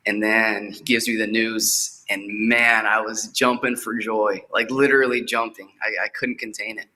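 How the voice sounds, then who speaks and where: A man's voice: lowish voice, level tone, moderate pace, pushed and bright. A young man, an actor, talking eagerly in a casual interview and often repeating words as he goes. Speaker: actor guest.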